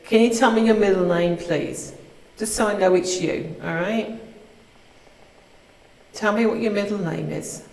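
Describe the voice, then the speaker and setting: A woman hosting a ghost hunt, asking gentle, pleading questions inside a large old prison building. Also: mid-range voice, measured pace, vocal fry, long pauses. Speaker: ghost hunting host. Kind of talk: spirit box session. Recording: echoey hall, voice from far off.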